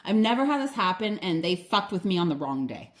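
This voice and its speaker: A middle-aged woman co-hosting a podcast, telling a story in an animated, blunt way and swearing freely. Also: lowish voice, brisk. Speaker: podcast co-host. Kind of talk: casual chat.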